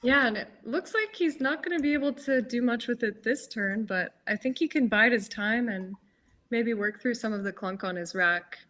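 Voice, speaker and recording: A woman giving live game commentary, explaining moves in a measured, analytical way with hesitant fillers. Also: on the high side, a bit bright. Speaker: tournament commentator.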